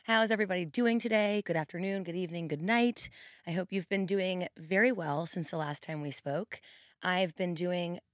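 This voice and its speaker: A hoarse woman in her forties hosting a podcast, chatting casually and rambling with quick asides. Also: lowish voice, no echo, studio quality. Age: 40s. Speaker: podcast host. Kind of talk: casual monologue.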